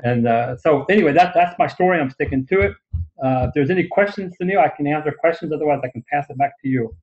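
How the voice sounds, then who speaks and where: Man, blunt, self-deprecating presenter. Lo-fi webinar audio. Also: on the high side. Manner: blunt, joking, halting restarts. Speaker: guest speaker.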